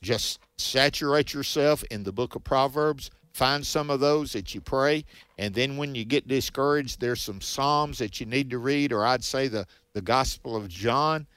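A man hosting a Bible radio show, giving gentle, encouraging pastoral advice. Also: mid-range voice, a little slow, clean tone, no room sound.

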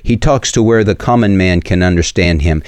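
A Southern man with a very deep, low voice delivers preachy talk-radio commentary. He speaks earnestly, stumbles through fillers and restarts, and sounds close and dry on the mic. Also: moderate pace, smooth, no room sound. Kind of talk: opinion commentary with scripture.

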